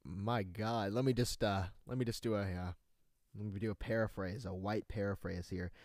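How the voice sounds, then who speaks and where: Low-voiced young man joking on air. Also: fairly even intonation, moderate pace, darkish tone, no echo, studio quality. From North Carolina. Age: young adult. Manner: joking, rambling, laughs often, relays a caller's words. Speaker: host of a live stream show. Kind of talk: casual joking chat.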